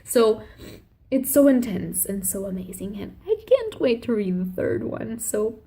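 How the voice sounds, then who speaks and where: A woman's voice: a little high, sing-song, a little slow, mellow, husky. A woman talking casually in a spoiler book review vlog, gushing and emotional, and often restarting her sentences. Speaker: book vlogger.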